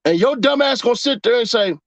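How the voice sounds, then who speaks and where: A man's voice: extremely high pitch, lively intonation, brisk, no echo. A man in a casual, profane commentary rant, mocking his audience with rhetorical questions. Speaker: commentary vlogger.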